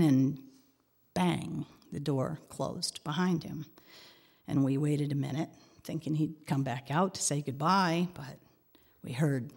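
Middle-aged woman, kinda low voice, prayerful and expressive storytelling. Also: slightly rough, in a large hall. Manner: prayerful, expressive, sometimes dropping to a whisper. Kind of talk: devotional reflection and personal storytelling.

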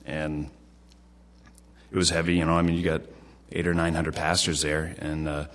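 Low-voiced halting male pastor. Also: flat delivery, fairly bright tone. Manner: halting, repeats and restarts phrases. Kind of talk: casual sermon.

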